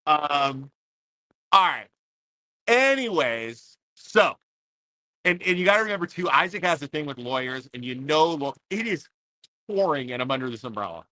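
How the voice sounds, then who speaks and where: A man's voice: fairly high pitch, sing-song, normal speed, long pauses, bright, forceful tone, dry recording. A man hosting a podcast livestream, ranting in a casual, fired-up way to his viewers while he stands outdoors under an umbrella in pouring rain. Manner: fired-up, repetitive, talks straight to viewers. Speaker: podcast host.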